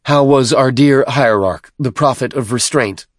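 A man voicing a scheming, cold male alien priest-politician who talks in crisp, commanding, dismissive tones. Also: mid-range voice, measured pace, no echo, clean studio sound, pitched above the performer's own voice, close to an everyday voice. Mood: sly.

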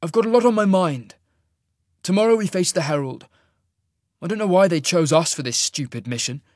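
A man's voice: high voice, lively intonation, fairly quick, a little mellow, dry recording, studio quality, pitched above the performer's own voice. A man voicing a sullen, hot-tempered young man who speaks sharply and petulantly in a storybook reading. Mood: angry.

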